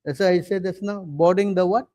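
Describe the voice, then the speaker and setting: Insistent high-voiced male preacher. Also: fairly even intonation, fairly quick, mellow. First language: English. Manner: insistent, repeatedly demanding attention; rhetorical questions to listeners. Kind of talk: scripture class lecture.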